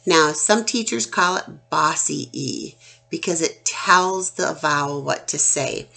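Slow, gravelly-voiced woman teacher. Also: sits low, bright, forceful tone. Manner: slow, deliberate, sounding out letters one by one. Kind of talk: children's phonics lesson.

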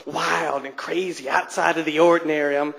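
High-voiced Michigan comic in his late twenties. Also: steady tone, moderate pace, gravelly, a bit bright. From Detroit, USA. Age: late 20s. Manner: self-deprecating, chatty, with nervous restarts. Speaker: stand-up comedian. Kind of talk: stand-up comedy set. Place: comedy club stage.

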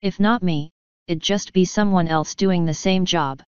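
A woman's voice: lowish voice, measured pace, clean tone, no echo, muffled recording, lightly acted. A woman reading as a blunt griffon mercenary. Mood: regretful. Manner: blunt, offhand. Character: female griffon mercenary, tough, blunt and casual.

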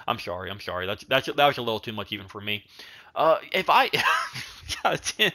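A man's voice: fairly low pitch, big pitch swings, fairly quick, pushed and bright. A young man giving rambling, casual commentary while he plays a strategy game, chatting at his units. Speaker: gaming channel host.

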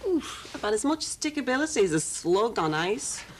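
A woman's voice: fairly high pitch, very animated, normal speed, a little hiss or hum. A bossy mother. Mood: scornful. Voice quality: scolding, blunt. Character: bossy, sharp-tongued middle-aged mother. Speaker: mother visiting her son. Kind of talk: TV soap acting.

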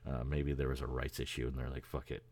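Casting: male podcast host, very low voice, loose profane rambling with chuckles. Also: little pitch movement, fast talker, a little mellow. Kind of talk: casual chat.

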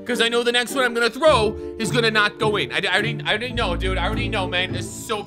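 A man giving casual gaming commentary, excitable, often shouting and swearing in frustration. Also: sits high, fast talker, hardly any pauses, music in the background. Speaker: gaming YouTuber.

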